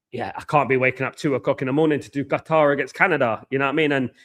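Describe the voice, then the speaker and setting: A married man from hosting a football watchalong, talking fast and passionately, with lots of repetition and shout-outs to chat. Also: mid-range voice. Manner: excitable, buzzing, repeats phrases, reads chat aloud. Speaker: watchalong host. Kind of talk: casual live-stream chat. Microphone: headphones with mic.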